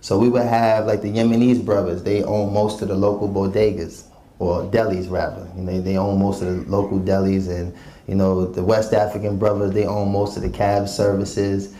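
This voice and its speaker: Mellow, low-voiced New man. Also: little pitch movement, moderate pace, slight background noise. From New York City. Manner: laid-back, reflective, many "you know" fillers. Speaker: guest, former rap artist. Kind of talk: reflective storytelling interview. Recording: roomy echo, faint ambience.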